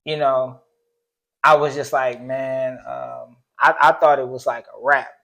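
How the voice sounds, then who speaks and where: A man's voice: mid-range voice, fairly even intonation, unhurried, creaky, sharp tone, poor audio. A young adult man co-hosting a casual talk, recounting a personal story earnestly with many fillers and talk of faith. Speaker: co-host.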